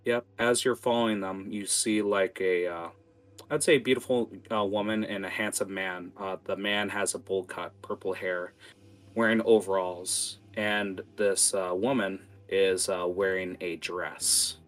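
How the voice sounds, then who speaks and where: A man's voice: low voice, fairly even intonation, measured pace. A man narrating a tabletop game as game master, casual and full of fillers and restarts.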